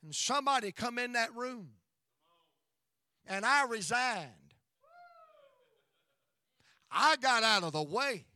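High, bright-voiced folksy preacher. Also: male voice, expressive, takes it slowly, pauses often. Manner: emphatic, folksy, exclaiming praise. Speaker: pastor. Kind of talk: storytelling sermon.

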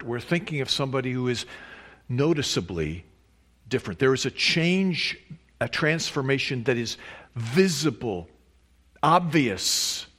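Slow, deliberate male preacher. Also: medium pitch, a bit bright. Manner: slow, deliberate preaching with emphatic rises on key words. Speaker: pastor. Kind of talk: sermon.

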